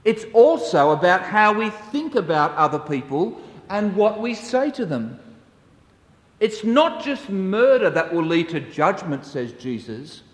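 A man preaching a sermon, telling stories in a slow, measured way. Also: high-pitched. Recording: echoey hall, distant mic.

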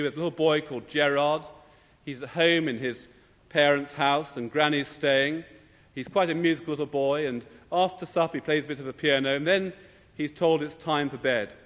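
A man preaches a sermon, measured and emphatic, asking his listeners pointed rhetorical questions. His voice sits fairly high for a man and carries the long, spacious reverb of a church. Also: a bit bright.

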